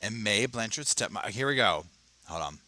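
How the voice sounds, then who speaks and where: Casual male commentary host, lowish voice, animated and chatty. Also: normal speed. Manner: animated, chatty, stammering restarts. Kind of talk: casual reaction commentary reading an article. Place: home, at his computer.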